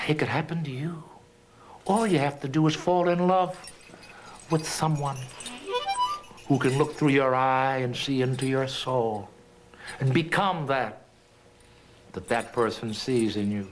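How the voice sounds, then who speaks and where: A man performing a rhythmic, rhyming story, swooping between soft and loud in a sing-song way. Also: medium pitch, slight background noise.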